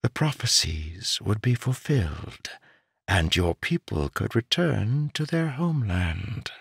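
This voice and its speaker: A man voicing a persuasive male adviser who speaks in a hushed whisper. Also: on the low side, sing-song, slow pace, vocal fry, breathy edge, dry recording, studio quality, pitched above the performer's own voice, full character voice.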